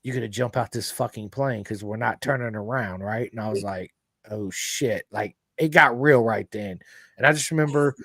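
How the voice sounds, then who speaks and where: Podcast host, american man, loud and animated, swears a lot, dry close mic. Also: medium pitch, no room sound. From United States. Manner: loud, animated storyteller who swears freely. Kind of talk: casual storytelling chat.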